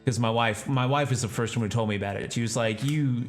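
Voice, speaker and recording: A man's voice: mid-range voice, fairly even intonation, quick pace, soft background music. A man from Texas, a streamer and voice actor, chatting casually about voice acting and answering his viewers in a rambling way. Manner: rambling, explains while talking to chat.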